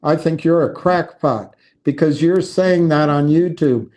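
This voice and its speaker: Slow, mellow-voiced man rambling. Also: on the high side. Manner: halting, meandering, frequent restarts. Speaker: livestream host. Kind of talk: rambling casual livestream talk.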